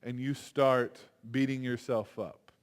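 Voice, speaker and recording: A man giving a chapel sermon in an animated, conversational way, acting out quotes as he goes. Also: medium pitch, takes it slowly, clean tone. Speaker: chapel speaker. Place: university chapel. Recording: long hall reverb.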